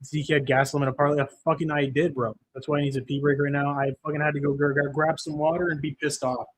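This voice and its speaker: This livestream host is a young man whose voice sits on the high side, delivered fast and in a level tone. Cursing freely, he vents about losing a bet while watching fights live, pausing to read out comments from the chat.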